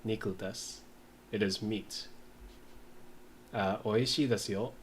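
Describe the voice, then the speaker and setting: A man in a casual study session, reading lines aloud slowly and mumbling as he writes and sounds out words. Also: on the low side, fairly even intonation, a little hiss or hum. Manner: slow, mumbling while writing, sounds out words. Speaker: language learner.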